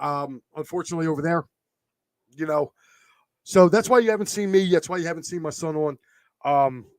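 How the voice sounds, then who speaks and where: A man talks on a sports show in a slightly high voice, teary and halting, with lots of pauses and fillers. The recording is close and dry, with no room sound around him. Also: darkish tone, no echo. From Philadelphia area. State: teary, emotional. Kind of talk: casual chat.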